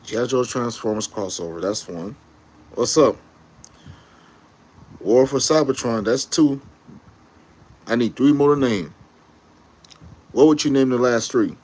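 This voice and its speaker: A man giving a casual, slangy fan rant to camera, excitable and rambling, often correcting himself mid-sentence. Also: mid-range voice, measured pace, pauses often. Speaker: YouTube commentator.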